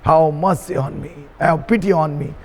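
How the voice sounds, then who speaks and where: A priest voicing a blind beggar crying out. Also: male voice, a little high, moderate pace, a little mellow, pitched below the performer's own voice, lightly acted. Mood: pleading. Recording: reverberant hall.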